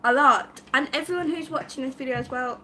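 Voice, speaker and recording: A woman's voice: sits high, a little fast, pushed and bright, slight background noise. A woman with a British accent co-hosting a casual live stream, chatting and reading out viewer comments.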